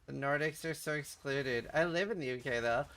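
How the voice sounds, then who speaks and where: Guy streaming, swears a lot, banters w chat, bright punchy voice. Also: mid-range voice, normal speed. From Norway. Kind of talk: casual livestream chat.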